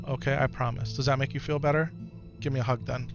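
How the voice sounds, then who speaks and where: A man streaming live who talks softly and coaxingly with his young son, then reads and answers his chat in casual talk. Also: mid-range voice, flat delivery, fast talker, creaky, muffled recording. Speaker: streamer and father. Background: game music.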